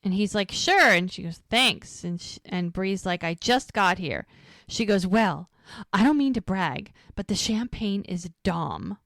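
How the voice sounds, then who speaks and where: A woman co-hosting a podcast, casually retelling scenes and acting out the characters' lines in quick voices. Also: medium pitch, animated, vocal fry, a bit bright, no room sound. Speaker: podcast co-host recapping episodes.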